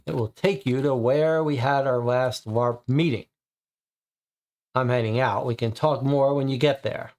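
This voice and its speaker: A man's voice: medium pitch, steady tone, a little mellow, close to an everyday voice. A man reading aloud as a theatrical man who role-plays a vampire, stretching his words in an affected way. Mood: secretive. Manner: slow, drawn-out, affected vampire speech.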